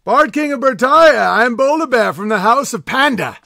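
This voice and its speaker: A man's voice: very high voice, expressive, normal speed, vocal fry, sharp tone, no echo, voice pushed up, heavily acted. A man doing a pompous panda herald. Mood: grandiose. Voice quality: pompous, proclaiming. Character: grandiose male panda bear herald, pompous. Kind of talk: mock-epic reading.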